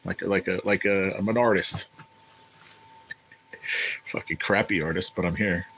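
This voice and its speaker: A man's voice: deep voice, steady tone, unhurried, fairly bright tone, a little hiss or hum, poor audio. A man hosting a casual livestream, rambling and swearing as he answers viewers in the chat. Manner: rambling, profane, chatty with viewers. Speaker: livestream host reading chat.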